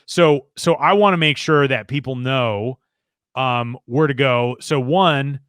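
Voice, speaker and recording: A man's voice: medium pitch, takes it slowly, fairly bright tone, clean tone, no echo, studio quality. A man hosting a podcast in casual, friendly chat with a joking edge. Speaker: podcast host.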